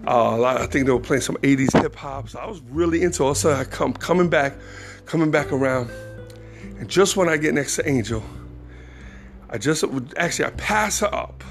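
A man with a slightly high, gravelly voice tells a story in a loose, slangy way, laughing at himself as he goes. Faint music plays behind his voice. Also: fairly quick. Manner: laughs often, slangy and self-mocking. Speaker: podcast host. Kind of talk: casual storytelling monologue.

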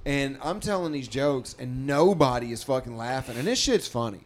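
A man, a stand-up comedian, telling a profane, animated story in casual podcast chat. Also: medium pitch, moderate pace, a little hiss or hum.

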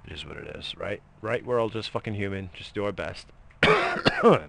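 A middle-aged man talks in a loose, profane ramble, with coughs breaking up his sentences. His voice is low and gravelly with a bright, forceful edge. Faint noise sits under the recording. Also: lively intonation, moderate pace. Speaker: vlogger. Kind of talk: casual rambling monologue.

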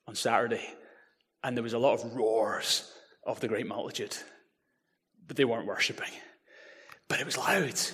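A man preaching a sermon, animated and building to loud proclamations. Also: medium pitch, slightly rough. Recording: reverberant hall.

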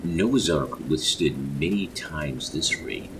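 A man's voice: a bass voice, slow, background noise. A man voicing an arrogant, self-righteous young man who talks down to others. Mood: smug. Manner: smug, condescending. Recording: distant mic under loud rain and thunder.

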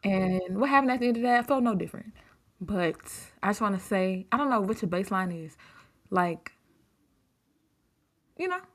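Bright-voiced woman in rambling chat. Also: mid-range voice, moderate pace, pauses often. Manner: rambling, animated storyteller. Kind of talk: casual chat.

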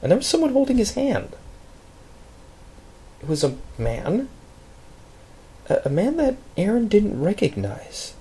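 Pastor narrating a sermon story, lively pitch, husky tone. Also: male voice, a little slow, pauses often. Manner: dramatic, expressive storytelling with big pitch swings.

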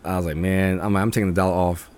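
A man's voice: deep voice, steady tone, racing, darkish tone. Profane young man telling stories. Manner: profane, acts out friends' lines in a raised voice. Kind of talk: casual storytelling.

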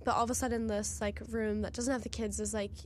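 A woman's voice: a little high, little pitch movement, fast talker, slight background noise. A young woman in her twenties chatting casually, telling gossipy work stories with giggles. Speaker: co-host. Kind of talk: casual chat.

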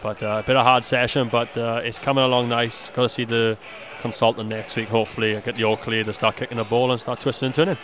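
A footballer guesting on a club podcast speaks in a mid-range, very flat and even voice. His answers are short and modest, in a casual manner from the stand. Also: medium pitch, fast. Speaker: injured footballer, studio guest. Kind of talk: casual chat.

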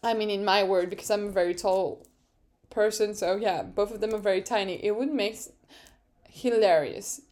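A young woman hosting a casual solo recap podcast, animated, laughing often and swearing freely. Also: mid-range voice, normal speed. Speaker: podcast host.

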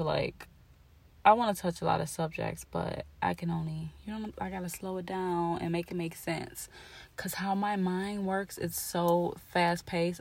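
A woman's voice: lowish voice, vocal fry. A young woman hosting her own podcast, talking in a rambling, emotional way full of "like" and restarts. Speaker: podcast host. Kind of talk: casual personal monologue.

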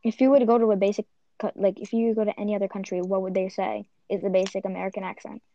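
A woman's voice: mid-range voice, level tone, very fast, warm tone, muffled recording. A young woman chatting casually with friends, rambling with lots of restarts and fillers. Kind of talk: casual chat among friends.

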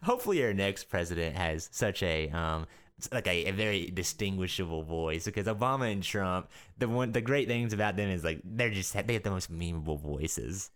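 A young man co-hosts a laid-back gaming podcast, rambling through stories with restarts and laughs. His voice sits low but moves with lively swings of pitch. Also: brisk. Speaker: podcast co-host. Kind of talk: casual chat.

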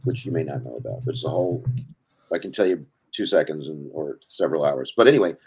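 An older man appears as a podcast guest, spinning rambling, casual stories and cutting himself off as he goes. His bass voice is expressive, fast, a little mellow, and husky.

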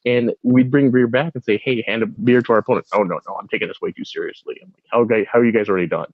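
A man's voice: medium pitch, very fast, no echo, phone-quality sound. A man from the United States, a guest on a podcast, telling stories animatedly and acting out quotes. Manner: animated storyteller who acts out quotes. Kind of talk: casual chat.

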